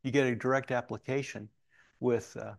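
A middle-aged man from Alaska preaching a sermon, telling folksy stories with halting restarts. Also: medium pitch, steady tone, creaky, no room sound. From Alaska, USA. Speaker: pastor.

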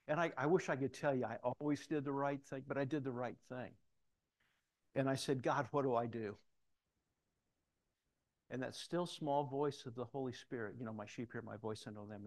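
Speaking at a moderate pace with long pauses, this middle-aged preacher has a medium-pitched voice. His sermon is built on personal stories, and he performs the voices of anyone he quotes.

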